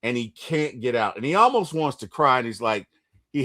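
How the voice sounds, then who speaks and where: A man hosting a casual movie recap chat, retelling scenes with lively bursts and quick impressions. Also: mid-range voice. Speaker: movie review podcast host.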